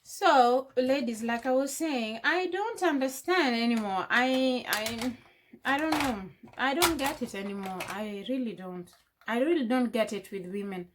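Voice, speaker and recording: A woman's voice: fairly high pitch, measured pace, slight background noise. A young woman, a beauty vlogger, chatting with feeling and firing off rhetorical questions while she does her makeup at home. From Africa. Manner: impassioned, full of rhetorical questions. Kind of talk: casual chat while doing makeup. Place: indoors at home.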